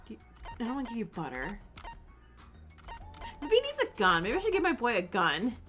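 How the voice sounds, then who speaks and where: A young woman streaming a game, excitable and giggly, talking straight to the characters. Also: on the high side, fairly quick, faint music behind. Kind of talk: casual gameplay commentary.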